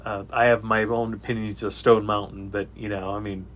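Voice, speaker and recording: A man originally from Chicago, with a Chicago accent worn down by years in Kansas City, chatting casually about his RV travels; he tells stories animatedly, repeats words, and jumps up in pitch for emphasis. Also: little pitch movement, a little fast, fairly bright tone. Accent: Chicago, softened by Kansas City. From Chicago area. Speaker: guest traveling by RV. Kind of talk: casual chat.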